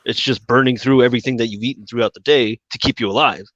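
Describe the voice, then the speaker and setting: Fast-talking laid-back man, muffled line. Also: medium pitch, dry recording. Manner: relaxed, rambling, casual swearing. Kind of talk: casual podcast chat.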